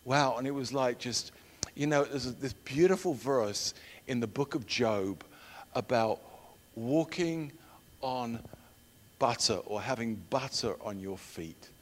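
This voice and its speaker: A middle-aged man preaching a sermon and telling personal stories, shifting from loud emphatic declarations to hushed storytelling. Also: mid-range voice, lively intonation, takes it slowly. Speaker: preacher and missionary trainer. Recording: long hall reverb.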